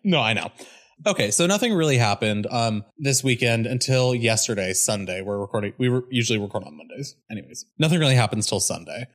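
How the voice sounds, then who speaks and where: A man's voice: lowish voice, a bit bright. A young man co-hosting a casual comedy podcast, telling a story in a playful, self-mocking way and laughing often. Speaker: podcast co-host.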